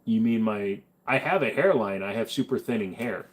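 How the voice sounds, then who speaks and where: A young man hosts a casual live stream, reading out comments and firing back bluntly, with a lot of swearing. His voice sits a little low for a man. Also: normal speed. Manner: blunt, profane, wisecracking.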